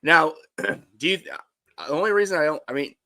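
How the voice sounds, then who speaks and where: Rambling bright-voiced man, co-hosting. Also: a little high, expressive, moderate pace. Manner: rambling, restarts, jokey. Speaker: co-host. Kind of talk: live sports talk show.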